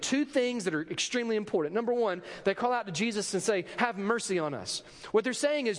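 A man preaching a sermon, telling a story with lively drama and acting out the voices of the people in it. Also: high voice, fairly quick, hardly any pauses, in a large hall. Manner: animated storytelling preacher, acts out the quoted pleas. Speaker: pastor.

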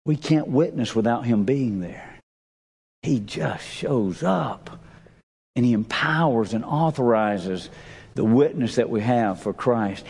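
Emphatic preacher in a reverberant sanctuary. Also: male voice. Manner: emphatic preaching with big swings in pitch and pace. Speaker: pastor. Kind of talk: sermon. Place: church sanctuary. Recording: long reverb of a church sanctuary.

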